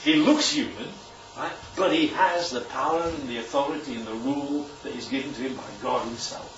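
A man preaching a sermon, animated and emphatic, often checking in with "right?". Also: medium pitch, brisk. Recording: echoey room, distant mic, dull sound.

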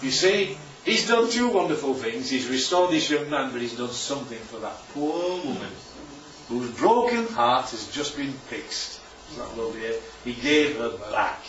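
A man speaks to a congregation in a church hall during an informal talk with slides, regularly asking "right?" and "isn't that lovely?" His mid-range voice is sing-song and fairly bright, at normal speed. Slight background noise is present in the roomy, distant, dull recording.

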